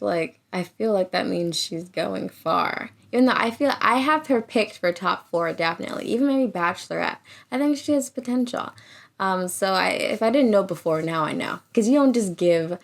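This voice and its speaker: A woman recapping a reality show in a casual, chatty way, laughing often and acting out what people said. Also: mid-range voice. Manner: animated, laughs often, acts out quotes.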